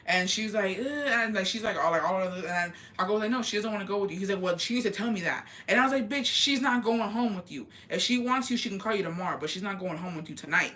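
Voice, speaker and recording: A young woman vlogger telling a casual storytime gossip tale, animated and profane, acting out the dialogue she quotes. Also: mid-range voice, fast talker, hardly any pauses.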